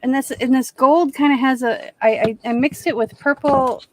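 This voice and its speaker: A woman's voice: sits high, fairly even intonation, normal speed. A woman hosting an art livestream, chatting casually as she paints, rambling and correcting herself as she goes. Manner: rambling, self-correcting, easygoing. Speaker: artist hosting a live stream. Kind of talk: casual chat while painting.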